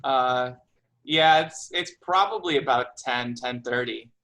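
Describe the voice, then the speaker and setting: A man running a tabletop role-playing game as game master, explaining rules and narrating in a relaxed, conversational way. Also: medium pitch, unhurried, low-quality recording. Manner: relaxed, conversational, slips into character voices.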